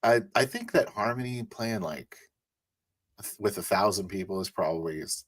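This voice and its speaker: A man's voice: on the low side, lively intonation, moderate pace, no echo. A man in casual chat while reacting to a video, making teasing, joking asides.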